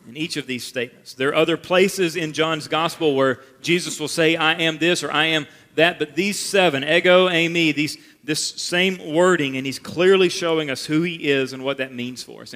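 A man preaching a sermon as pastor, earnest and measured, repeating key phrases for emphasis. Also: fairly high pitch, pushed and bright. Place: church sanctuary. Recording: long reverb of a church hall.

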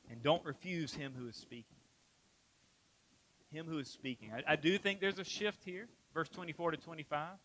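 A man's voice: fairly high pitch, fairly bright tone, low-quality recording. A man preaching a sermon to his church, emphatic, repeating phrases and asking rhetorical questions. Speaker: pastor.

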